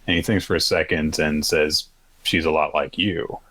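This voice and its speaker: A man co-hosting a podcast, casually recapping manga chapters, rambling and acting out characters' lines in quick pitched-up quotes. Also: steady tone, pushed and bright, dry recording. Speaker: podcast co-host.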